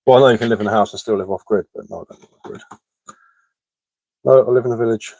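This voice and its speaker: Talking fast in a low, creaky, darkish voice, this English woodcarver runs a live stream and responds to viewers' comments. His accent blends West Sussex and London, and he's chatty and matter-of-fact, often saying um and repeating words. The recording is rough, with no room sound.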